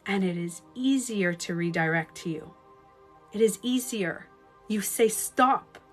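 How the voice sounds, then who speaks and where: A woman's voice: medium pitch, measured pace, soft background music. A woman relationship coach on a live stream, giving advice emphatically and acting out hurt voices with some swearing.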